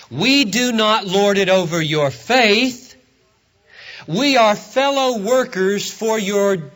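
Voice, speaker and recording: A middle-aged man preaching with a high, lively voice that jumps around in pitch. He is emphatic, stressing and drawing out key words as he works through his point. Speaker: pastor. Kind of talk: sermon.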